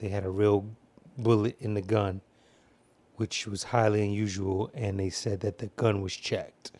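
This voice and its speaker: A man's voice: lowish voice, level tone, measured pace, a little mellow. A man giving casual film commentary, telling rambling, profane stories.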